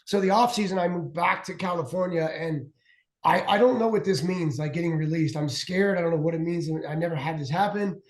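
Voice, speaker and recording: A man in his forties, a former pitcher who is a guest on a show, telling long stories in a rambling way with many restarts and fillers. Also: a little fast. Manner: rambling, restarts a lot, heavy "like". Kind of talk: casual storytelling chat. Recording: roomy echo.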